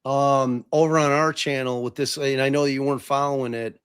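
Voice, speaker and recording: A man's voice: mid-range voice, level tone, normal speed, fairly bright tone, clear, resonant tone. A man hosting a podcast in casual chat, rambling with lots of swearing, fillers and restarts. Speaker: podcast host.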